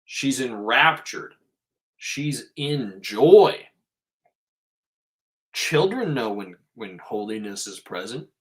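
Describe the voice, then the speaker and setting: A man's voice: mid-range voice, lively intonation, slow pace, long pauses. A man hosting a podcast, giving a casual spiritual monologue in an emphatic way and swearing freely.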